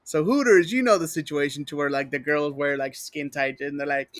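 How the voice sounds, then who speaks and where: A man's voice: a little high, brisk, few pauses, no echo, clean studio sound. A man with a Texan accent co-hosting a podcast, rambling and cursing as he tells stories and mimics people. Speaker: podcast co-host. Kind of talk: casual chat.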